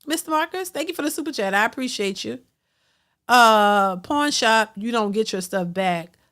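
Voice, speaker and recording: A woman hosts a casual reaction stream, thanking viewers and giving her take. Her voice sits a bit high, and she jumps higher when she gets emphatic, repeating words as she goes. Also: lively intonation, normal speed, a bit bright. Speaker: reaction channel host. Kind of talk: casual commentary reading super chats.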